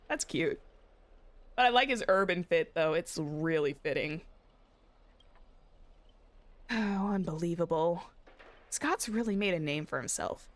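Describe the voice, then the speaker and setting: This VTuber's voice sits on the low side, expressive and moderately paced, with no room sound at all. Streaming a game, the young woman giggles and chats in a playful way while voicing the story text.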